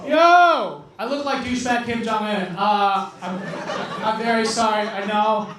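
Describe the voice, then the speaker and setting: A young man from South Korea, speaking English with an American-influenced accent, does a self-mocking stand-up set full of swearing in a comedy club. His high-pitched voice is a little slow over music, recorded from a far mic in the echoey club with a crowd.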